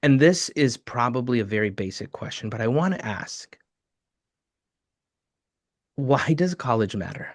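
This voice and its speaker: A man's voice: medium pitch, lively intonation, unhurried, long pauses. A man with a mid-range voice co-hosts a live webinar. He tells stories earnestly and builds his points into emphatic lists. The sound is dry and close, with no room echo. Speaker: webinar co-host.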